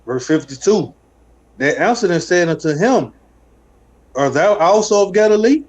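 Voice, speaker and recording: A man reading scripture aloud at a steady, measured pace during a Bible study. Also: high-pitched. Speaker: scripture reader. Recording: dull lo-fi audio.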